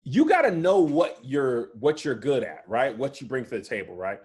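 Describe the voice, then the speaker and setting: A man guesting on an interview over a video call from home, chatting in a relaxed way and often asking "right?" and "you know what I'm saying". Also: medium pitch, moderate pace. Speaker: comedian and guest. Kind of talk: casual interview chat.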